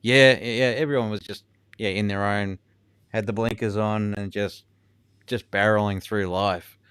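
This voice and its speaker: A man with a low, smooth, resonant voice chats casually as a guest. He mostly answers with short agreeing replies and now and then tells a relaxed story. The recording is dry and close. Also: moderate pace, no echo. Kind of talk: casual chat.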